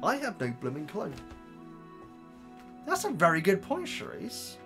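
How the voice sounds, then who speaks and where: A man chats to camera as he reads viewer comments aloud, his voice sitting high and swinging widely up and down. He talks in an animated way, tripping over his words and restarting his sentences. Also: unhurried, over music. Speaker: video host reading viewer comments. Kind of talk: casual chat to camera.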